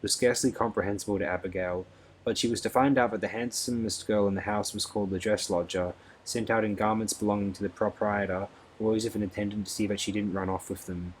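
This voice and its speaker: Low-voiced male audiobook narrator. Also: fast, slight background noise, rough recording. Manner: steady, expressive storytelling.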